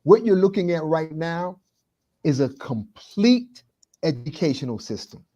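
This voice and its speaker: Mellow-voiced man hosting, emphatic. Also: a little high, sing-song, a little slow, highs cut off. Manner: emphatic, builds lists for emphasis. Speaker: host. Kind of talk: earnest talk-show commentary.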